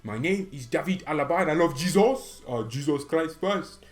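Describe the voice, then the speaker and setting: A man doing a slightly raised, halting impression of an earnest male footballer. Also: fairly high pitch, lively intonation, pitched above the performer's own voice, lightly acted.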